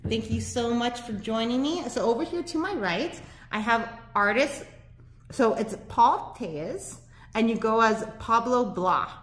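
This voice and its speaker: A woman's voice: a little high, lively intonation, a little slow. A woman hosting a casual local talk show from a studio, chatty and bubbly, laughing often, with a slight lisp from dental aligners.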